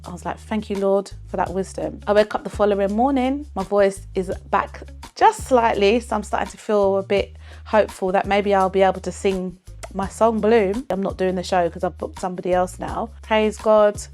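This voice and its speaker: A woman singer telling a personal story to camera in an earnest, expressive way. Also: mid-range voice, moderate pace, soft background music.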